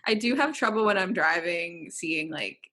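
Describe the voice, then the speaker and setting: A woman hosting a podcast in casual chat, rambling and cutting herself off, often trailing off softer. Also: fairly low pitch, animated, moderate pace, poor audio. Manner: rambling, self-interrupting, drops softer. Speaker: podcast host.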